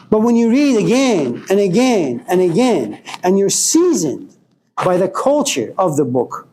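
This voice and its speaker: A male lecturer speaking in a slow, deliberate, rambling storytelling manner. His voice sits somewhat high but sounds mellow and dark. A faint hiss lies behind it. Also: poor audio.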